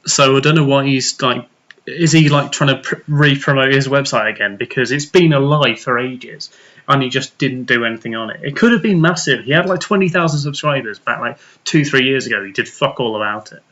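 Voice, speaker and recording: A man's voice: mid-range voice, brisk, a bit bright, muffled recording. A man co-hosting a casual podcast chat over beers, joking, sweary and rambling. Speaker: podcast co-host.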